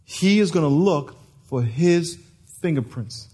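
A man's voice: fairly high pitch, expressive, takes it slowly, dark tone, breathy edge. A man preaching a sermon to a congregation, telling stories, acting out voices and laughing. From United States.

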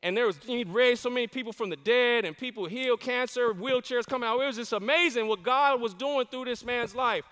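Fired-up male pastor preaching, high crisp voice, big echoey church hall. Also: fairly quick, hardly any pauses, fairly bright tone. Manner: fervent, emphatic preaching with call-and-response. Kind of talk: sermon. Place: large church sanctuary. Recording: long reverb of a large church hall.

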